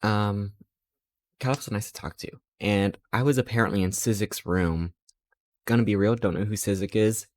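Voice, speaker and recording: A man's voice: fairly low pitch, darkish tone. A man streaming live, telling stories in a rambling, playful way and acting out quotes. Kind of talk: casual chat while streaming.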